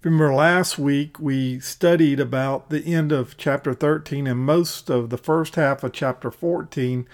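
Bible teacher, man, high voice, conversational podcast lesson. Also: steady tone, measured pace, hardly any pauses. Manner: plain conversational retelling.

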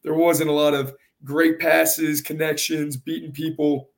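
A man, a high school soccer coach in a casual interview, with a gravelly, carrying voice and an earnest, halting way of repeating words. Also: flat delivery.

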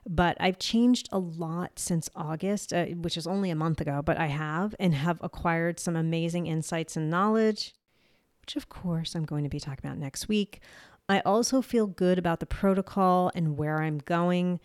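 A woman's voice: on the low side, moderate pace, darkish tone, dry recording, studio quality. A young adult woman with a New Jersey accent hosts a solo podcast, talking candidly and casually, swearing lightly and laughing at herself. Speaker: podcast host. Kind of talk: solo health podcast monologue.

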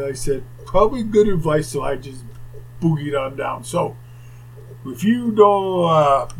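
An older former hockey player telling rambling anecdotes in casual conversation, with asides. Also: male voice, fairly high pitch, vocal fry, a bit bright, slightly rough, low-quality recording. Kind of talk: casual storytelling.

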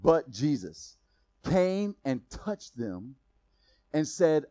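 A man preaching a sermon in a casual, conversational way, laughing at his own asides and swinging between loud emphasis and quiet intensity. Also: fairly high pitch, big pitch swings, drawn-out words, pauses often, no echo. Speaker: pastor.

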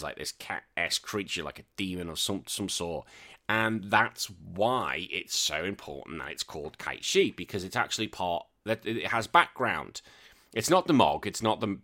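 British guy rambling on his podcast, bright forceful voice, keeps correcting himself. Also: low voice. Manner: rambling, self-correcting, laughs often. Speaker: podcast host. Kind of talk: casual solo chat.

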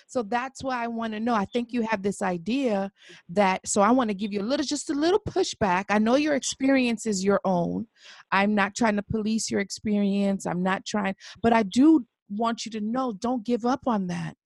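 A woman co-hosting a podcast, speaking in an earnest, gentle way as she offers soft pushback. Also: medium pitch, normal speed, no echo, studio quality. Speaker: podcast co-host. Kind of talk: conversational interview.

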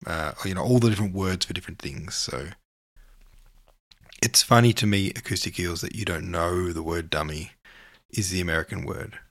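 Deep-voiced Australian man, dry close sound. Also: normal speed, fairly bright tone, no room sound. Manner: rambling, reading listener comments aloud. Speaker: podcast host. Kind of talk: casual chat.

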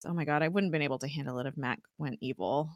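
A woman's voice: deep voice, rapid-fire, dry recording, muffled recording. A woman co-hosting a podcast, chatting casually and giggling as she acts out scenes in quoted voices. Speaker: podcast co-host. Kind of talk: casual recap chat.

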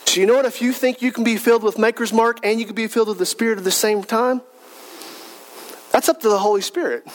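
A man's voice: high-pitched, steady tone, fast talker, low-quality recording. A male pastor preaching a sermon in a conversational style, with rhetorical questions, humorous asides and repeated emphatic lists.

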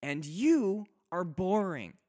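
A man's voice: sits high, sing-song, slow pace, a little mellow, voice pushed up, exaggerated voice. A man voicing a spirited young woman warrior who teases her husband and pleads with him in tears. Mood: playful teasing. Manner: teasing, then tearful and earnest.

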